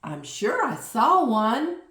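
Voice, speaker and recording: A woman's voice: a little high, sing-song, takes it slowly, a bit bright, recorded from a distance, voice pushed up, heavily acted. A woman voicing a playful, teasing old grandmother in a storybook read-aloud. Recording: roomy echo.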